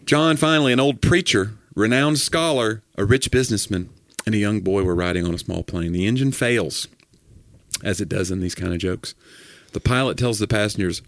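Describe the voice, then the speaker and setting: A man co-hosting a podcast in casual comedic chat, telling jokes with animated delivery and acting out the voices in the quotes. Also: low voice, fairly quick, no room sound. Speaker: podcast co-host.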